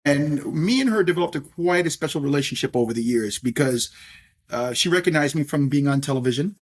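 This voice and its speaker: On a podcast, a scotch brand owner from New York, middle-aged, chats animatedly in a voice on the high side. He talks a little fast, frequently using fillers and restarting sentences.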